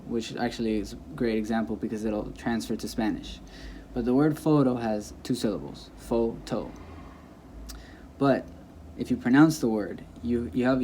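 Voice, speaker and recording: A young Spanish teacher gives a casual lesson, repeating example words with shifted stress and correcting himself along the way. He has a warm, mid-range voice, recorded on a camera mic rather than a clip mic, with a little hiss or hum.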